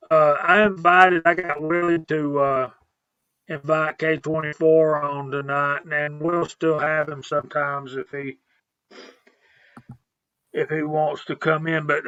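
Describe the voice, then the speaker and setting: A man hosts a casual live stream, working slowly through a list of viewers' names in a relaxed way. His voice sits a little high for a man. The sound is dry and a bit dull and lo-fi. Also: no echo. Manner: reads out viewer names, laid-back.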